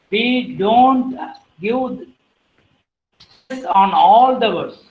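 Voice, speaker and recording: A woman giving an academic lecture, listing terms one by one and clearing her throat now and then. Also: on the high side, roomy sound, muffled recording.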